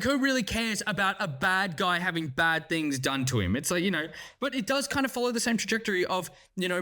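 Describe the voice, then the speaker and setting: A man giving a casual spoken review of a series, animated and excitable, swearing freely as he talks. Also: high-pitched. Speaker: show reviewer.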